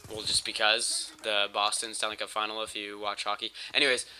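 Sick with a cold, a man who hosts a gaming channel rambles and cracks crude jokes while narrating his gameplay footage into a home mic. His lowish voice moves little in pitch and is sharp and clean in tone, a little fast.

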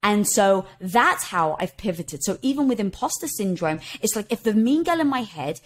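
A middle-aged woman, a podcast guest and author, telling stories with expressive energy, often laughing and quoting herself. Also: mid-range voice, moderate pace. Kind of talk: animated conversational storytelling.

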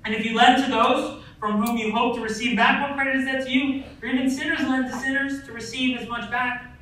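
In a church sanctuary, a male pastor preaches in a very high, bright, forceful voice that stays steady and moves fairly quickly. His delivery is chatty, peppered with "right?" and anecdotes about his family. Captured from afar in an echoing hall, with a little background noise.

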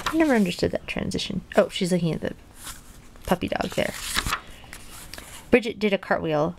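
A woman reading a children's storybook aloud in a plain, gentle way, dropping in casual asides. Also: lowish voice, animated, moderate pace, slight background noise. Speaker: storybook reader.

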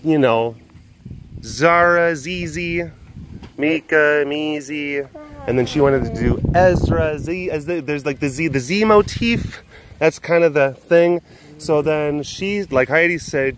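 A man's voice: medium pitch, animated, a little slow, pauses often, fairly bright tone, a little hiss or hum. A man hosting a wildlife facility webcast outdoors in a casual vlog style, gushing and baby-talking to the animals.

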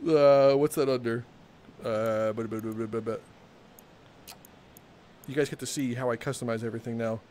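A man live-streaming a game, joking with his chat, with bursts of laughter and loud theatrical exclamations. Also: mid-range voice, fairly even intonation, moderate pace, pauses often, slight background noise.

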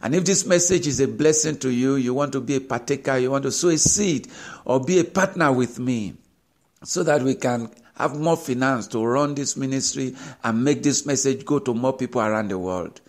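A man's voice: medium pitch, moderate pace. A man preaching a sermon as a pastor, pressing his listeners with rhetorical questions and rising emphasis.

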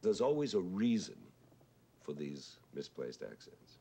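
A man with a husky voice, talking thoughtfully on television about songwriting, pausing with "uh" as he explains. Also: deep voice, big pitch swings, dark tone. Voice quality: husky "whiskey voice". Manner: thoughtful, pauses with "uh", explains with sung examples. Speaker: composer recalling a friend. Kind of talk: reflective televised talk.

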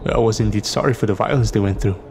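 Gravelly man narrating horror. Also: lowish voice, fast, slight background noise. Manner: steady dramatic storytelling.

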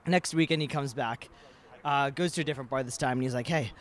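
A man's voice: mid-range voice, fast, fairly bright tone. Young man rambling through a joke. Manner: rambling, loose storytelling with many fillers. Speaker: student on a campus broadcast. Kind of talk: joke telling. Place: outdoors on a campus. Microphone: handheld mic.

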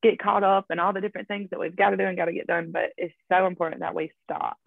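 A woman's voice: fairly low pitch, fairly even intonation, fast talker, creaky, dry recording, narrow, tinny audio. A woman guest sharing her faith story in casual interview talk, chatty and full of fillers. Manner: chatty, laughs often, storytelling with many fillers.

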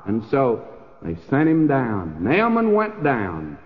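Older preacher on a tinny old recording. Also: male voice, medium pitch, sing-song, takes it slowly. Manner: folksy preaching with rising emphatic peaks. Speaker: pastor. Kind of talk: sermon. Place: church sanctuary. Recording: lo-fi phone-like old radio recording with long hall reverb.

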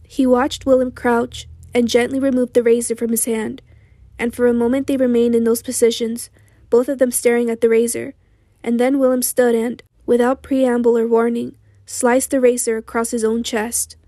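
A woman with a hoarse voice reading an audiobook in a slow, steady, sombre way. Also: fairly high pitch, no room sound, studio quality. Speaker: audiobook narrator. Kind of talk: audiobook narration.

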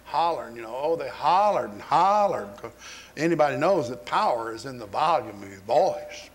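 A man preaches a sermon, spinning a story with folksy humor. His speaking voice sits a little above a typical man's pitch. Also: expressive, moderate pace.

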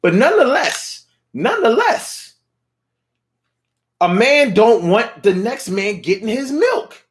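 A man's voice: very high voice, sing-song, slow. A man delivering a playful, slangy, rambling comedic monologue, at times mooing like a cow.

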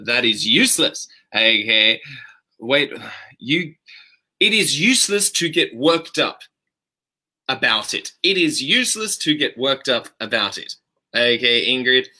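A man's voice: mid-range voice, bright, forceful tone. A man hosting a live-streamed English lesson, cheerfully greeting viewers by name and correcting their sentences. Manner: upbeat, greets and praises viewers by name, switches between English and Mandarin.

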